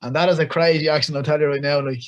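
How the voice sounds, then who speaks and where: A young Irish man with a slightly raised pitch speaks in a loose, chatty way. He sounds upbeat and talks freely as a boxer guest in an interview. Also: steady tone, rapid-fire, dull audio. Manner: chatty and upbeat, full of praise for others. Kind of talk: casual interview chat.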